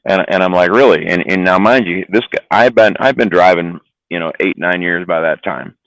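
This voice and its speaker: A man's voice: low-pitched, normal speed, fairly bright tone, no echo, low-quality recording. A man, a trucker, telling a rambling, profane story in casual chat, often repeating words. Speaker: trucker guest. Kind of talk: casual storytelling on a live stream.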